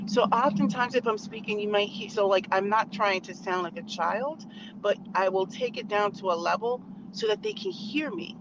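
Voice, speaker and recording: A woman's voice: mid-range voice, moderate pace. A married woman hosting her own channel, giving outspoken, emphatic commentary in a conversational way while driving. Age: adult, married. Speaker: channel host. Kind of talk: opinionated commentary vlog. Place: in a car on a back road. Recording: muffled car recording with road noise.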